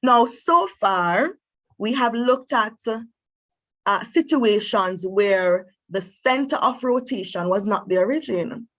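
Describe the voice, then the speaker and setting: A woman's voice: mid-range voice, fairly bright tone, dry recording. Encouraging woman teaching an online maths class. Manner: encouraging, thinks aloud with drawn-out hmms. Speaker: mathematics teacher.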